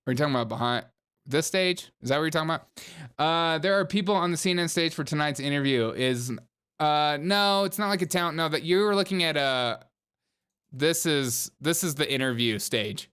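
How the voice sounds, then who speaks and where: A man's voice: a little high, expressive, fairly quick, fairly bright tone, smooth. A man hosting a political commentary show, talking sarcastically over clips with mocking, laughing asides.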